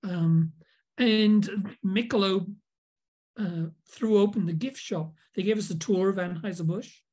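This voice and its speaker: An older Englishman with a high, unhurried, slightly mellow voice appears as an interview guest. A video producer, he tells rambling behind-the-scenes anecdotes in a casual chat, full of fillers and restarts.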